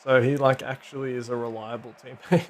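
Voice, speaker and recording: A man's voice: medium pitch, flat delivery, a little fast. A man chatting and teasing his friend while they play a game together. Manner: teasing, laughing banter. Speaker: teammate and friend. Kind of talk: casual gaming chat.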